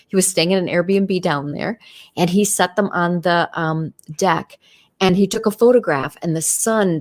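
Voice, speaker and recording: A middle-aged woman hosting a casual livestream, talking in a chatty, enthusiastic way with many fillers. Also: fairly low pitch. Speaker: livestream host.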